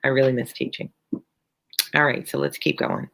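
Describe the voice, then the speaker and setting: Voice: mid-range voice, very animated, a little slow, gravelly, a bit bright, poor audio. A teacher reading a novel aloud on a live stream, breaking off for chatty asides to viewers. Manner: chatty asides between passages.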